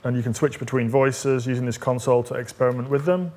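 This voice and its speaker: A man leads a live coding demo, talking the audience through each step. His pitch sits at an average level, and he speaks in a loose, conversational way with plenty of "uh"s as he thinks aloud. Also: fairly even intonation, fast, a little mellow. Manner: conversational, explaining step by step with frequent fillers. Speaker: technical evangelist presenting a demo.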